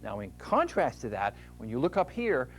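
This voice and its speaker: Folksy, animated man explaining fitness. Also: medium pitch, moderate pace, slight background noise. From United States. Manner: folksy, animated, acts out muscles talking. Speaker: fitness instructor. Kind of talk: explaining at a whiteboard.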